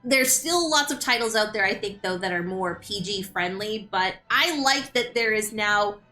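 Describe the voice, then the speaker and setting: A woman's voice: medium pitch, lively intonation, normal speed, sharp tone. A woman streamer chatting casually and animatedly while playing a game, often repeating words as she starts a thought. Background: game music.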